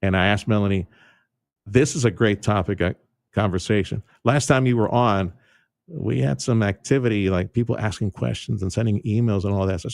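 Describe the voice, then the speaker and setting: A man hosting a radio talk show, speaking emphatically and pushing his pitch up when he makes a point. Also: steady tone, normal speed, gravelly, no room sound, studio quality. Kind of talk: opinionated radio talk and interview. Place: radio studio. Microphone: studio microphone.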